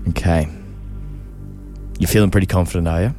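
A man hosting breakfast radio in an energetic, enthusiastic way. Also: brisk. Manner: energetic and enthusiastic, lively pitch. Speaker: radio host. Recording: music bed underneath.

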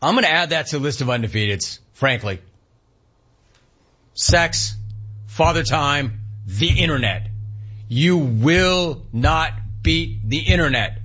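A man's voice: on the high side, animated, slow, pauses often, a bit bright, slightly rough. A man hosting a sports talk radio show, delivering a monologue with punchy, emphatic repetition. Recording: slightly muffled radio broadcast.

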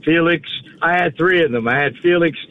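A man's voice: on the high side, normal speed. A man as a musician guest on a radio show, calling in and speaking matter-of-factly. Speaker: musician guest on a phone line. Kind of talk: radio interview. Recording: tinny phone line with faint hiss.

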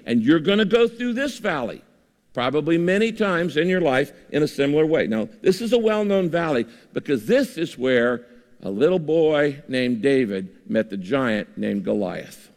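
A man's voice: medium pitch, normal speed. Man preaching in a big reverberant hall. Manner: lively preaching with rhetorical questions. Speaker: pastor. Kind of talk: sermon.

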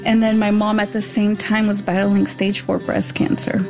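A woman's voice: mid-range voice, flat delivery, moderate pace, over music. A woman interviewed as an older sister, telling family memories in a chatty, fond way. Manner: chatty, fond storytelling with fillers.

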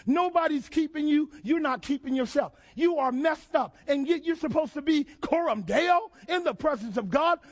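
A man preaching a sermon, asking the congregation questions and building to shouted phrases. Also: extremely high pitch. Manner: preaching with call-and-response questions and rising shouts. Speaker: pastor.

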